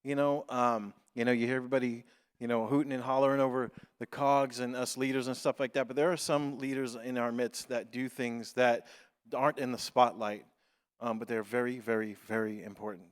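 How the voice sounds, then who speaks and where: Pastor with a smooth voice in a reverberant hall. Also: male voice, mid-range voice, flat delivery. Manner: halting, filler-heavy, joking. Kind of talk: informal church introduction. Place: church sanctuary.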